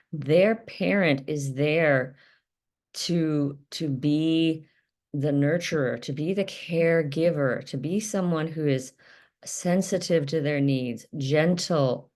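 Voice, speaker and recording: A woman's voice: low-pitched, a little mellow. A woman talking earnestly to camera in a self-help video, stressing points by repeating words, with many fillers.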